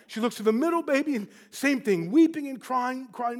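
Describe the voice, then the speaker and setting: Male preacher, high light voice, storytelling sermon that dips hushed then surges passionate. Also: expressive, fairly quick. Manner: wide swings from hushed to impassioned.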